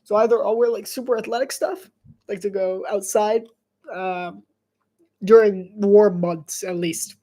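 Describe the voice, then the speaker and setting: A woman's voice: mid-range voice, steady tone, a little slow, warm tone. A congested woman giving casual live game commentary, chatty and rambling, laughing often. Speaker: sports commentator.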